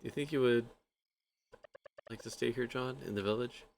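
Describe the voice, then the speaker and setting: A man voicing a shy, sweet young village woman in a video game, reading her lines hesitantly and softly in a lowish voice. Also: moderate pace, vocal fry, slight background noise, natural voice.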